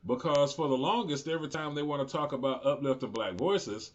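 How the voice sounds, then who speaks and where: A man's voice: medium pitch, fairly quick, dull audio. A man in his forties hosting his own political commentary show, talking unscripted, heated and profane, often rising into indignant outbursts. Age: 40s.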